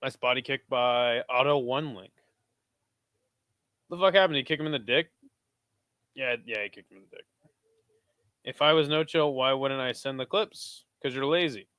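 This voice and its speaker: A man hosting a live watch-along of a kickboxing event. He talks casually and swears a lot, breaking into excited shouts at big moments. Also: medium pitch, normal speed, pauses often, clean tone, no echo, clean studio sound. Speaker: host.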